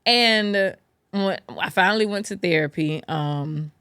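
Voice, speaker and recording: A woman's voice: mid-range voice, measured pace, fairly bright tone, smooth, dry recording, clean studio sound. A woman from Atlanta, a guest on a podcast, telling her story candidly and acting out the voices of people she quotes. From Atlanta, USA. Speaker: guest, production manager.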